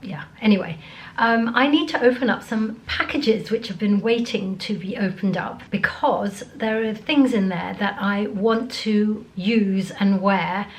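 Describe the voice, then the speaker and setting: A middle-aged woman vlogging casually to camera while ill and congested, hoarse and tired, often talking half-whispered. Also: mid-range voice, measured pace, low-quality recording. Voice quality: gravelly. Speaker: beauty vlogger. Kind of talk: casual vlog chat to camera.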